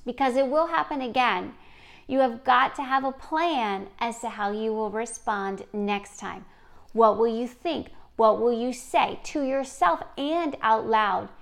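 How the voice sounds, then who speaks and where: A woman's voice: a little high, creaky. A woman hosting a podcast, speaking earnestly and encouragingly straight to the listener in a scripted monologue. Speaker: podcast host.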